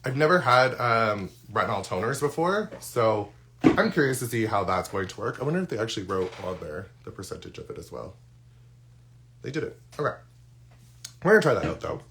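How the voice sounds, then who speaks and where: A man's voice: fairly low pitch, big pitch swings, fairly quick, fairly bright tone. A man who is losing his voice, chatting casually through a live unboxing with lots of ums and restarts. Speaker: skincare content creator. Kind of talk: live-stream unboxing chat.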